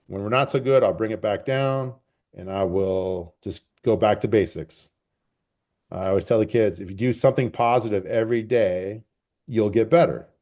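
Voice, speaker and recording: A man who coaches track and field, answering interview questions in a relaxed, rambling way and repeating phrases for emphasis. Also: lowish voice, moderate pace. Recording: call recording.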